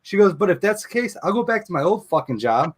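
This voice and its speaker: A man's voice: high-pitched, very animated, fast, breathy edge. A man hosting a casual live chat, telling a long profane story about his wife's job. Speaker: show host.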